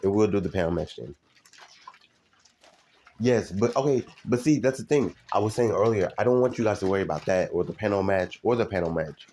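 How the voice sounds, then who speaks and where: A man live streaming, talking casually to his viewers in a halting way, full of ums and restarts. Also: fairly low pitch, lively intonation, warm tone, a little hiss or hum. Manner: halting, many fillers and restarts.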